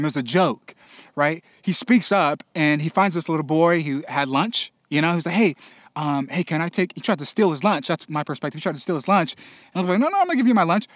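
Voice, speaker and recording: A man preaching a casual sermon as pastor, telling a story with animated, playful voices for its characters. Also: a little high, brisk, no room sound. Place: church gathering space.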